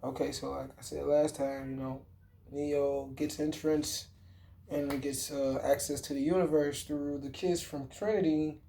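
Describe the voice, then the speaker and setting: A man with a somewhat high but mellow, warm voice chats casually to his viewers. He rambles, restarts his sentences and throws in slang and swearing as he goes. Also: little pitch movement, unhurried, creaky, a little hiss or hum. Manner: rambling, slangy and profane, with frequent fillers and self-corrections. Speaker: vlogger. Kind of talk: casual movie talk.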